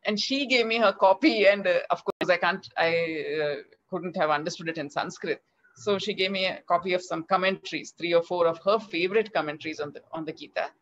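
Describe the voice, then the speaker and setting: Animated Indian woman telling a story. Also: fairly low pitch, brisk. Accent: Indian English. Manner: animated, acts out quoted dialogue. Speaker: children's author. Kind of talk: interview storytelling. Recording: slightly dull lo-fi audio.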